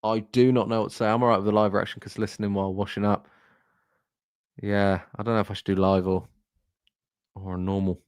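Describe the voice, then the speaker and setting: A young man streaming a live football watchalong, hoarse after hours of commentary, deflated and halting, repeating himself as he reads the chat. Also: on the low side, little pitch movement, dry recording, studio quality.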